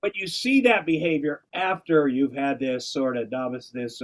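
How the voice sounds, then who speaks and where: A man's voice: medium pitch, moderate pace. A man talking in a casual, rambling way, wandering off on tangents and restarting his sentences. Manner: rambling, digressive, many restarts. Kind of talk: casual conversation. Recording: dull, lo-fi sound.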